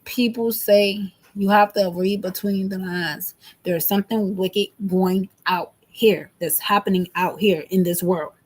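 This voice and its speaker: A woman's voice: mid-range voice, fairly even intonation, unhurried, few pauses, a little mellow. A woman in her thirties venting to camera in an emphatic, repetitive, agitated monologue. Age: 30s. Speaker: vlogger.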